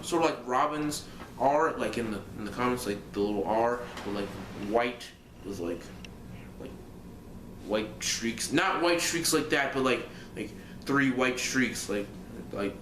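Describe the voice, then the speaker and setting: A man's voice: on the low side, fairly bright tone, a little hiss or hum. A young man vlogging casually, rambling through a story with lots of fillers and restarts. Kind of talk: casual fantasy-booking monologue. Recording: echoey room.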